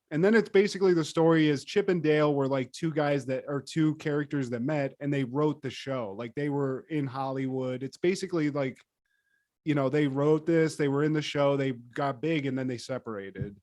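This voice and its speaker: A man co-hosting a podcast in casual chat, animated and profane, with lots of fillers. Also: a little high, dry recording, clean studio sound. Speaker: podcast co-host.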